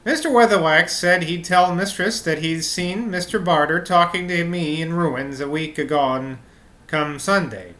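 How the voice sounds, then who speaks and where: A man's voice: on the high side, measured pace, fairly bright tone. A man voicing a young country maidservant who speaks in a raised, rustic dialect, stammering and anxious to seem innocent.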